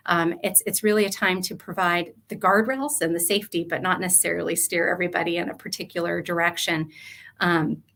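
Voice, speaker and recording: A woman's voice: on the low side, a bit bright. A woman author giving an earnest, reflective talk about her chapter, with frequent fillers.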